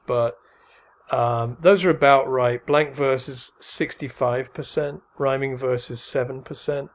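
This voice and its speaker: A middle-aged man giving a casual recorded lecture from slides, talking loosely with many fillers and restarts. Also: medium pitch. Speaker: teacher.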